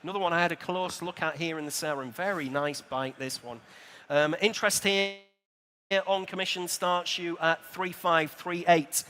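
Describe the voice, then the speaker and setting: A man working as an auctioneer, briskly calling bids at a live sale in a large exhibition hall, with dry asides to the room. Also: on the high side, fairly even intonation, sharp tone.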